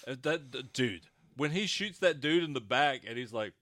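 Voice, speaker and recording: A man's voice: mid-range voice, lively intonation, moderate pace, fairly bright tone. A man in casual conversation about a TV show, talking with many fillers and restarts. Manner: hesitant, many fillers, acts out quoted lines. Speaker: co-host discussing a TV show. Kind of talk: casual chat.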